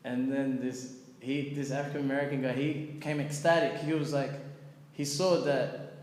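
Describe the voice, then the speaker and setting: A man telling a lively story to a gathering, acting out the people in it as he goes. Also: mid-range voice, moderate pace. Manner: animated, acts out the people in his story. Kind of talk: storytelling talk. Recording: echoey hall, faint background noise.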